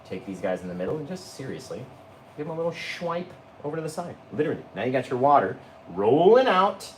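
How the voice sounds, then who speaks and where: A man leads a live painting tutorial, chatting to his viewers and walking them through each stroke. His pitch swings widely from phrase to phrase. The sound is roomy and echoey, with a faint background hum. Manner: chatty, addresses viewers as "guys"; talks through each brushstroke step by step. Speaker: painting instructor.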